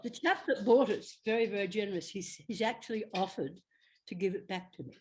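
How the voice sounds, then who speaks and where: An older woman, an actress guest telling chatty, animated stories in an interview. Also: mid-range voice, brisk, slight background noise. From Australia. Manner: chatty, animated, slips into quoted voices. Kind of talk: anecdotal storytelling.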